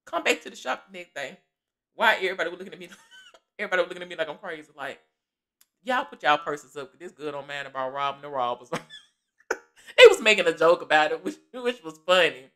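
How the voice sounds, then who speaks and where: A woman telling a story in a casual vlog, lively and laughing, acting out the people in it and calling listeners baby. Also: low voice, quick pace. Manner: animated, laughing often, acting out quoted voices; Southern Black American vernacular, calls listeners baby.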